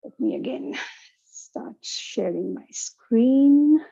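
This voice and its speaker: Woman, online lecture, interactive, slightly high voice, dull call audio. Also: animated, takes it slowly, vocal fry, warm tone, husky. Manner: interactive, checks in with the audience often. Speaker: workshop presenter. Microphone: video call.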